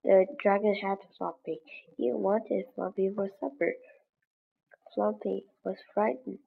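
A woman's voice: mid-range voice, fairly even intonation, takes it slowly, gravelly, narrow, tinny audio. A woman reading a graded children's story aloud for English learners, with careful, evenly paced delivery. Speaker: English lesson reader.

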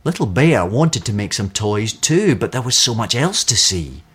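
Man, storyteller, children's story reading, low husky voice, lively delivery. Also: normal speed. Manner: expressive, animated storytelling.

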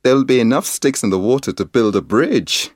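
A man reading a storybook aloud, voicing a cheerful, reassuring mother in a raised, lively voice. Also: mid-range voice, a little fast, breathy edge, no echo, studio quality.

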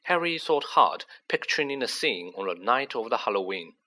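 A man reading a fantasy novel aloud with a bright, ringing tone. His pitch swoops widely as he builds drama into each sentence, keeping it expressive. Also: normal speed. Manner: dramatic, animated delivery. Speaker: audiobook reader. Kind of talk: expressive storybook narration.

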